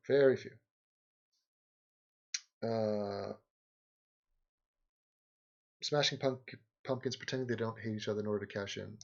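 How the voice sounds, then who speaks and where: A man's voice: lowish voice, darkish tone, lo-fi sound. A man hosting a livestream, rambling sarcastically in casual chat and game commentary, often laughing. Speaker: livestream host.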